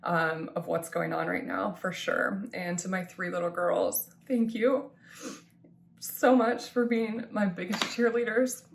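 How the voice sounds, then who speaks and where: Tearful woman with a gravelly low voice. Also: steady tone, measured pace. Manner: heartfelt, tearful, many ums and restarts. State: tearful, crying at times. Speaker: vlogger thanking supporters. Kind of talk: emotional personal thank-you vlog.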